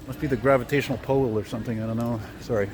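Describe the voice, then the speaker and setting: A man's voice: medium pitch, fairly even intonation, racing, crowd noise. A man rambling chattily as he walks city streets at night, filming on a handheld camera. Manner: rambling, chatty, easily amused. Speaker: vlogger host. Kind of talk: casual walking vlog. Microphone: handheld camera while walking. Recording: noisy street outdoors.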